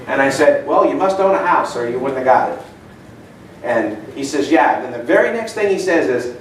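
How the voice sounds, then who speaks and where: Speaking at a normal pace with lively intonation, this seminar speaker has a slightly high voice and some faint background noise. He's middle-aged, addressing a meeting room, swapping stories and quizzing the crowd in a chatty way. The mic sits far off in an echoey room.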